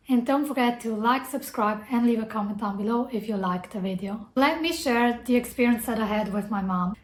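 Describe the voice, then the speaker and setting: A woman talking earnestly and reflectively to camera about personal growth, using a lot of casual "like" fillers. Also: fairly high pitch. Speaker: self-development vlogger. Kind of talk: personal advice talk to camera. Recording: echoey room.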